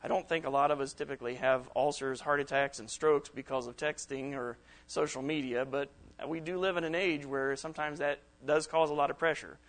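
Conversational man preaching, higher voice. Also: steady tone, fairly quick, few pauses, fairly bright tone. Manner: conversational, acts out quoted texts and reactions. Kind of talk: sermon to young people at camp.

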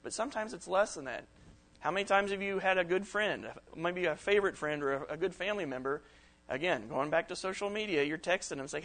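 A middle-aged man gives a sermon to young people at a camp. He keeps it chatty and acts out the texts and comebacks he describes. His voice sits a little high for a man. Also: expressive, quick pace, a bit bright. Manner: conversational, acts out quoted texts and reactions. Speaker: preacher.

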